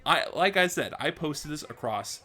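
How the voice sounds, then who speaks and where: A man vlogging, retelling a story in a casual, excitable way with lots of fillers. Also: on the high side, normal speed.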